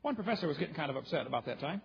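A man's voice: a little high, expressive, rapid-fire, creaky, slightly rough. A man giving a folksy, joking sermon, telling stories and acting out both sides of his exchanges. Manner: joking, folksy, acts out dialogue in quotes. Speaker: creationist preacher. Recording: muffled lo-fi recording.

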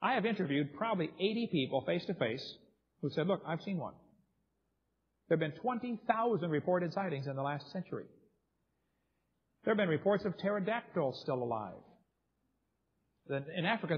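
A man giving a seminar, telling stories vividly and reading eyewitness accounts aloud. His voice sits a little high and sounds husky. The recording is dull, with long reverb from a hall. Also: animated, brisk, pauses often. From United States. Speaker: seminar speaker. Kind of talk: lecture storytelling.

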